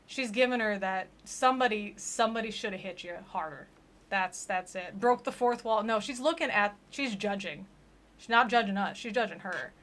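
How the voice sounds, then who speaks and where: A woman's voice: medium pitch, normal speed, a bit bright. A young woman streaming, giving sarcastic, joking commentary on a video and mocking the voices of the people in it. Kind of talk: casual reaction commentary.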